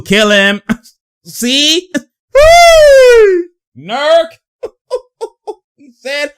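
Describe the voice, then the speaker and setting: Animated young man reacting to basketball. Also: on the high side. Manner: animated, laughing, repeats phrases, slangy. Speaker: sports commentator. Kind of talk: casual reaction commentary.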